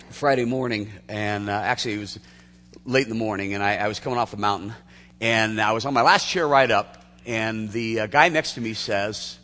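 Animated male preacher in a reverberant hall. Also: mid-range voice. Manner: animated storytelling with frequent restarts and laughs. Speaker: pastor. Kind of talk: sermon.

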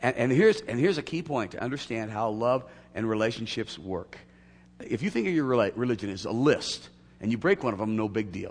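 A man preaching a sermon to his church, swinging from loud emphatic peaks to quiet asides. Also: lowish voice, sing-song, normal speed, slightly rough. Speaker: pastor. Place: church sanctuary. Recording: long hall reverb.

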